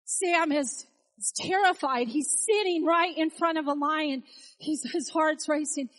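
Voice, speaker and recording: A woman preaches with a notably high voice, moving between storytelling and urgent exhortation. Her delivery is animated and emphatic, leaning hard on repeated phrases. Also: unhurried, poor audio. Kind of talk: sermon.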